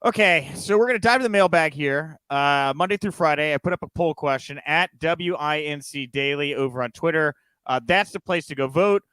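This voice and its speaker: Man, podcast host, casual chat, smooth voice, dry close sound. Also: fairly high pitch, a bit bright, dry recording. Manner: chatty, quick asides and laughs.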